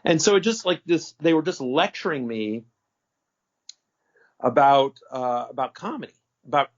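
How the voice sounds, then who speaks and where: Animated rambling man, lo-fi audio. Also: medium pitch, moderate pace. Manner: animated, rambling, self-correcting, profane. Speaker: interview guest. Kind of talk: casual storytelling interview. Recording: dull lo-fi audio.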